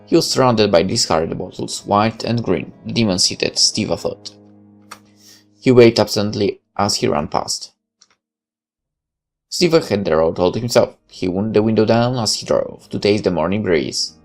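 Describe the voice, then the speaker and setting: A man with a very low, gravelly voice narrates a visual novel aloud. He reads steadily and now and then drops a casual aside. Quiet music plays in the background. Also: measured pace.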